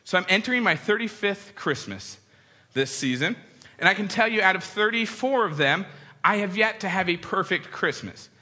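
A man in his thirties with a high, sharply bright voice and a husky edge tells funny stories to an audience. He is animated and acts out voices. A long hall reverb trails his words. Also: normal speed. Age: 30s. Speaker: speaker addressing an audience. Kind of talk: humorous storytelling talk.

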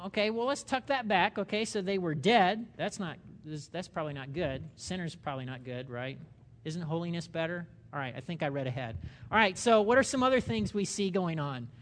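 A man's voice: sits high, expressive, moderate pace, fairly bright tone. A middle-aged man leading a church Bible study, talking conversationally and asking the group questions as he teaches. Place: church meeting room.

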